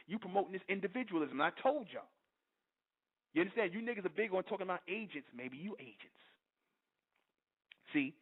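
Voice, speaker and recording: A man hosting an internet radio show, delivering a fiery, confrontational monologue and constantly asking his listeners if they understand. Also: high voice. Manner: preachy and confrontational, keeps asking "you understand?". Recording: tinny phone-line audio.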